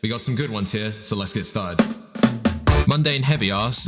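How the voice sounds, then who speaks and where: A young man from southern England with a Southern English accent, answering viewer questions in a sarcastic, deadpan and crude voice-over. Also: lowish voice, moderate pace. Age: young adult. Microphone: desktop condenser mic with effects. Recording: voice-over with background music.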